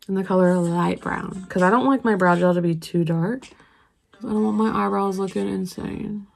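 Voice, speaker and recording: A woman's voice: medium pitch, fairly even intonation, moderate pace, vocal fry, low-quality recording. A young woman vlogging casually, rambling through a story while she does her makeup. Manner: rambling, chatty, lots of fillers. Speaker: beauty vlogger.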